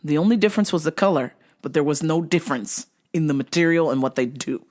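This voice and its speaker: A woman hosts a show, telling work stories in casual comedic fashion, sounding exasperated and swearing heavily. She talks fast in a deep voice with a darkish tone.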